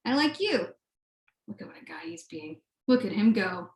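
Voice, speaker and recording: A woman's voice: mid-range voice, sing-song, moderate pace. A woman giving a live poetry reading, her cooing baby talk swinging into mock-aggressive demands. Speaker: poet reading at a live event. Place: art gallery space. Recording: echoey gallery room.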